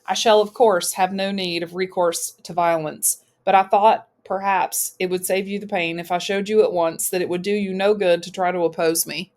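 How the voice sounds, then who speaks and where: A woman voicing a smooth, menacing male overlord who talks in a soothing, patronizing way. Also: on the low side, steady tone, moderate pace, few pauses, a little mellow, lightly acted.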